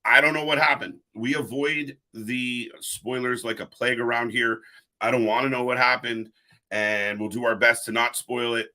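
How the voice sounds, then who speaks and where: An upbeat man hosts a live wrestling stream and chats easily with his viewers. His voice is bright and forward at a middling pitch, and he talks casually into a desk mic, calling out chatters by name. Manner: upbeat, greets chatters by name, reads chat aloud. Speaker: host of a live wrestling watch-along stream.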